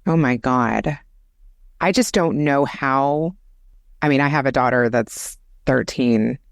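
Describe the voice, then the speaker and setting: A woman hosting an interview, reacting to her guest with slow, shocked sympathy. Her voice is very low and she speaks slowly. The sound is dry and close. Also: no room sound. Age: adult. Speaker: podcast host. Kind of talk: casual interview chat.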